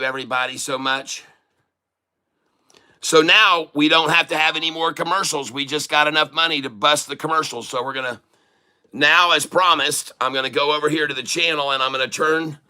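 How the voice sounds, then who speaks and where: A day trader hosting his own livestream channel chats casually and tells rambling anecdotes packed with restarts. His voice is a little high, smooth, and sharp in tone.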